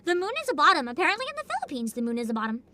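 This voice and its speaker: A woman streaming a video game in casual chat, excitable, often shrieking, laughing and swearing. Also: sits high, very fast. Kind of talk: casual gaming livestream. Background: game music.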